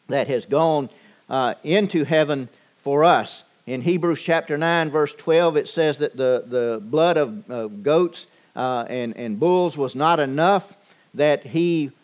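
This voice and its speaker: A man preaching a sermon, measured and deliberate, with frequent pauses and fillers. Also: a little high. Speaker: pastor.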